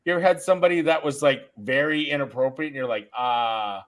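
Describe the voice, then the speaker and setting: Talking fast in a rather high voice, a middle-aged man hosting a podcast rambles through a long story during casual chat, interrupting himself as he goes.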